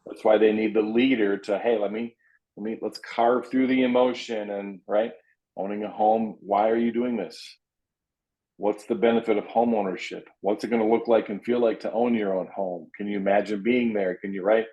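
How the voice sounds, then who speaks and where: Earnest low-voiced man coaching. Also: steady tone, normal speed, mellow. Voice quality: low voice, frequent repeated restarts. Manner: earnest, emphatic, acts out client dialogue. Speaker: real estate coach. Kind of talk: coaching talk. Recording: dull lo-fi audio.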